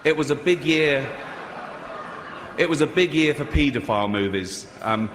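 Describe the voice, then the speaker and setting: A man's voice: on the high side, expressive, moderate pace, a bit bright. A man hosting an awards show, delivering a dry, mocking monologue. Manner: dry mocking jokes, filler ums. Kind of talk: monologue as host. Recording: noisy reverberant hall recording.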